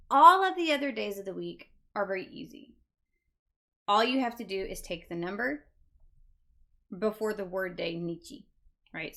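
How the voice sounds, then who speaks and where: A woman's voice: medium pitch, fairly bright tone. A woman teaching a beginner Japanese lesson, patiently repeating each word for learners. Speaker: language teacher.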